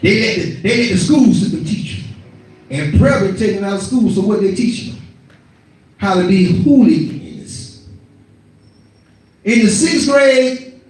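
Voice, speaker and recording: A middle-aged man preaching a sermon. He speaks fervently, shouts often and repeats his phrases. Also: high voice, animated, a little slow, pauses often. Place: worship hall. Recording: echoey hall from far off.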